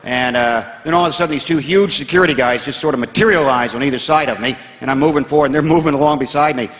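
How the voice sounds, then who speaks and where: A man with an American accent telling a stand-up story in a wry way, dropping to low mutters for asides. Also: fast, a bit bright. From United States. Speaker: stand-up comedian. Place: large theatre stage before a live audience. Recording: echoey theatre hall, laughing crowd.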